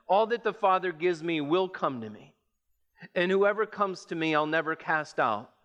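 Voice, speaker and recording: A man preaching a sermon, reading scripture and explaining it with measured emphasis. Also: fairly bright tone. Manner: measured, emphatic preaching that rises in pitch as it builds.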